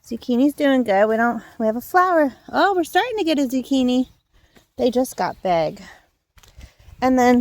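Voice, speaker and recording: Filming on a handheld phone, a young channel host who gardens at home walks through her backyard in a loose, rambling tour. She's a bit out of breath, with lots of fillers and self-corrections, and her voice is a little high.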